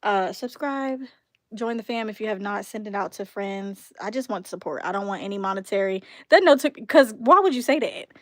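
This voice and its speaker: A woman's voice: medium pitch, animated, normal speed. A young woman chatting casually on her vlog, laughing often and trailing off with ums while she talks aside to her toddler. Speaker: beauty vlogger and mother.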